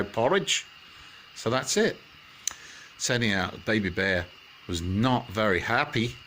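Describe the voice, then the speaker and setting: A man telling a rambling comic bedtime story, full of halting restarts. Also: lowish voice, bright, forceful tone, a little hiss or hum.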